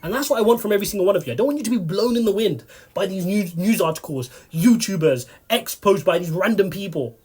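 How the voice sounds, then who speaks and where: A man's voice: high-pitched, expressive, fast, a little mellow, husky. A man hosting a crypto channel, giving market commentary straight to his viewers and firing off rhetorical questions.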